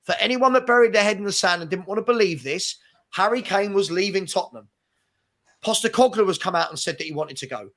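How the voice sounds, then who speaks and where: A man's voice: sits high, lively intonation, quick pace, fairly bright tone. A man hosting a live football chat, ranting insistently. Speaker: host.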